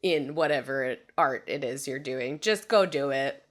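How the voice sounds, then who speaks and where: A woman's voice: very deep voice, normal speed. A young woman co-hosting a podcast, reacting to a TV episode with earnest, opinionated comments and many likes. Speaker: podcast co-host. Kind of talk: casual TV recap chat.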